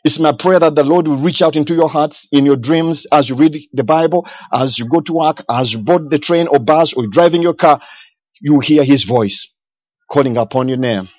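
A man's voice: a little high, moderate pace, a little mellow, no echo, muffled recording. A man preaching a sermon with fervent emphasis and repeated phrases.

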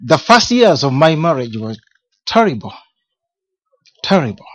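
The minister of a men's ministry preaches a sermon as a personal testimony, speaking emphatically, repeating key words and posing rhetorical questions. His voice is on the high side and very animated, at a measured pace. The recording is dull and lo-fi.

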